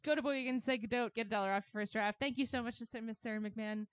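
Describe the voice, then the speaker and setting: A young adult woman hosting a casual podcast, bubbly and quick to laugh, thanking sponsors and guests. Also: a little high, steady tone, clean tone, dull audio. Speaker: podcast host.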